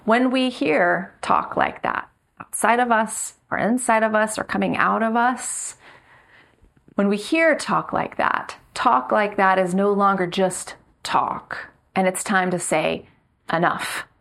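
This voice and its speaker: A middle-aged woman, a pastor giving a sermon in a measured, earnest way with slow, emphatic repetitions. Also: mid-range voice, gravelly, a bit bright.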